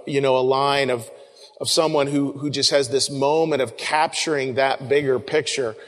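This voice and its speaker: A male pastor giving a sermon in a conversational way, often repeating words and calling his listeners folks. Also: mid-range voice. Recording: long reverb of a large room.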